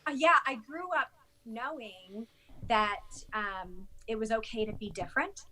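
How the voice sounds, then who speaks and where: A woman in her forties from Houston chats as a podcast guest, telling stories in an animated way. Her voice sits fairly high and has a bright, forceful edge. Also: measured pace. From Houston, Texas. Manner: chatty, animated storytelling. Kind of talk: casual interview chat.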